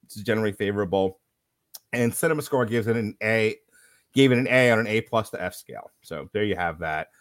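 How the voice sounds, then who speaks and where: A man's voice: fairly low pitch, fairly quick, no echo, studio quality. A man co-hosting a podcast and recapping a movie in a casual, sardonic, profane way. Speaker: podcast co-host. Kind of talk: casual comedic movie review.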